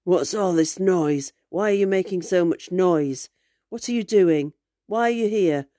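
A woman voicing a mysterious young man with a rough voice who questions slowly and then coaxes gently. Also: lowish voice, dry recording, studio quality, natural voice. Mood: suspicious.

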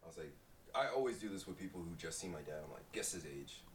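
A man chatting casually as a guest, laughing often and dropping to a low murmur when he turns serious. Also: lively intonation, fast talker, slight background noise, low-quality recording. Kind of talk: casual chat.

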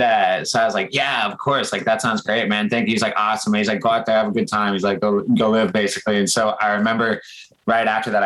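Band guest, low male voice, casual chatty storyteller, lots of "like" and "uh". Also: poor audio. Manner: excited rambling with many fillers. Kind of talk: casual interview chat, storytelling.

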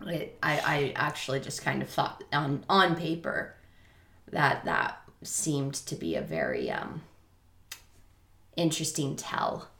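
A woman's voice: extremely low pitch, lively intonation, takes it slowly, creaky, a bit bright, roomy sound. A woman co-hosting a podcast, talking thoughtfully about a book and reading out passages. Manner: thoughtful, corrects and reads out passages. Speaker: podcast co-host. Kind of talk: casual book discussion.

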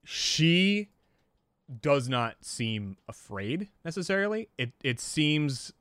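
A man running a tabletop role-playing game as game master, narrating scenes in a relaxed way with fillers. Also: on the high side, slow, clear, resonant tone, no echo, clean studio sound.

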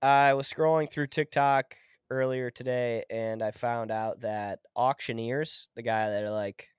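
A young man with a sick, rough voice, co-hosting a casual podcast chat and laughing and joking as he talks. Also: medium pitch, fairly even intonation, unhurried, dry recording, clean studio sound. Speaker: podcast co-host.

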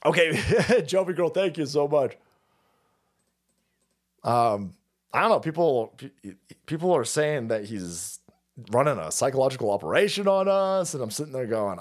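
Profane rambling man, lively pitch. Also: moderate pace. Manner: profane, rambling, self-mocking. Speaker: livestream host. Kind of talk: rambling casual livestream chat.

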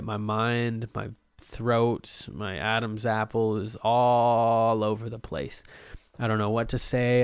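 A young man hosting a solo podcast from his desk at home, rambling and joking at his own expense, with sudden loud bursts and mumbled asides. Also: fairly low pitch, smooth, dry recording, clean studio sound. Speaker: podcast host.

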